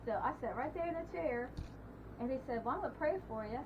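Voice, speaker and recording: A middle-aged woman tells a family story with a lot of life in it, and she lifts her voice when she acts out what others said. Her voice sits a little high. The home recording is dull and has a clear hiss behind it. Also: fast. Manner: animated, acts out quotes with a raised voice. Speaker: family member. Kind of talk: casual storytelling at a family table. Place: indoors at a family table.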